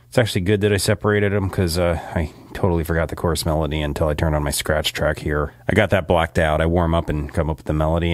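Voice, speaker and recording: A man's voice: deep voice, no echo. A man who writes and records his own songs, chatting casually in his home studio while getting over a sore throat, rambling and laughing often. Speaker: singer-songwriter. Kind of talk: casual vlog chat. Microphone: studio microphone.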